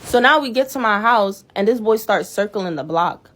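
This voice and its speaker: A woman's voice: medium pitch, animated, moderate pace, fairly bright tone. Profane, exasperated young woman telling stories. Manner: blunt, profane, exasperated storytelling. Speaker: storyteller. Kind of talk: casual storytime vlog.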